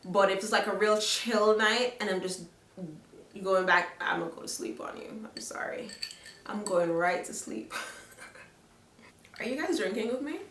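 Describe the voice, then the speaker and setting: Bright-voiced Jamaican woman vlogging casually. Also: medium pitch, unhurried, long pauses, slight background noise. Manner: chatty, frank, asks the viewers "okay?". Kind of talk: casual advice chat to camera. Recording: roomy echo, a little far from the mic.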